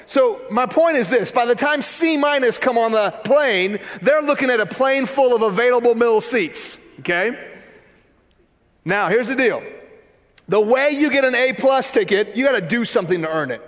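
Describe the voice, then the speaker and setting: Man, pastor, high voice, animated conversational sermon, long hall reverb. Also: moderate pace. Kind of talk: sermon with storytelling.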